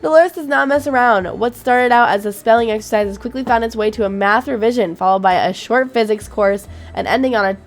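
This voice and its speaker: Her voice a little high, this woman talks a little fast with hardly any pauses. She's a gaming YouTuber reacting chattily to a game, reading out its text and cursing freely, with faint game music in the background.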